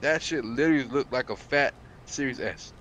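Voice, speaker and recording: A young man in casual, profane group voice chat about gaming, telling animated stories and acting out quotes. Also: medium pitch, fairly quick, a little hiss or hum. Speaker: gamer chatting in a group voice chat.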